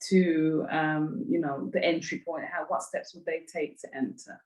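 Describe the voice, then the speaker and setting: A woman hosting on a video call, passing on a question from the chat in a halting, hesitant way. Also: sits low, steady tone, darkish tone, echoey room. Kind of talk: relaying audience questions.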